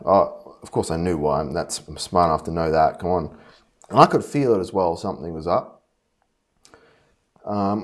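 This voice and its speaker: A man telling a personal story in a rambling, halting way, frustrated and full of fillers and restarts. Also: sits low. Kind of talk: casual personal monologue.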